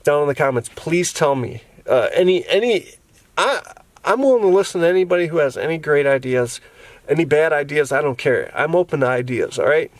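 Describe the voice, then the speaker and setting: Worn out from a long day, a man chats casually in a vlog from his camper van, restarting often and filling gaps as he rambles. He sounds animated and fairly quick, with a fairly high voice and no echo.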